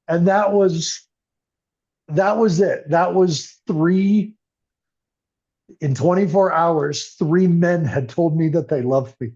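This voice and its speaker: Older guy telling his story, kinda high voice, earnest, muffled lo-fi sound. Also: slow pace, darkish tone. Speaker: podcast guest. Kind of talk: personal story in interview. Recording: muffled lo-fi audio.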